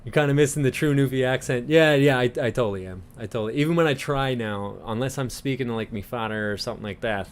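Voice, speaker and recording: A man's voice: mid-range voice, fast, few pauses, smooth. Chuckling Newfoundland man chatting. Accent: light St. John's Newfoundland. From Newfoundland, Canada. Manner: laughing often, stammering restarts. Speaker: livestream host. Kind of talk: casual chat reacting to viewers.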